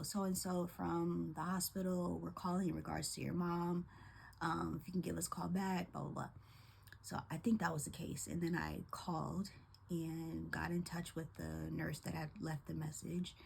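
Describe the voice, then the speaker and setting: A young woman, a teacher, telling a personal story of grief in a soft, halting way with many pauses and fillers, holding back tears. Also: on the low side, gravelly, a little hiss or hum. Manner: soft-spoken, halting, many ums and likes. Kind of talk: personal testimony.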